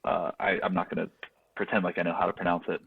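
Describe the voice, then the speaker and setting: A young man from West Virginia, a guest and athlete, chatting casually in an easygoing, unhurried way with plenty of likes. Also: deep voice, little pitch movement, creaky. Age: young adult. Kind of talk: casual chat. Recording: phone-like remote call audio.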